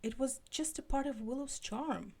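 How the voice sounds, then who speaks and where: A woman's voice: high-pitched, normal speed, creaky, darkish tone. A woman reading fan fiction aloud on a live stream, with casual apologetic asides. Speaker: live-stream fanfiction reader.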